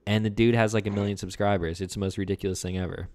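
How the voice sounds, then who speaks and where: A young man co-hosting a casual podcast, laid-back and joking, his voice often dropping quiet at the ends of thoughts. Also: on the low side, steady tone, very fast. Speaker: podcast co-host.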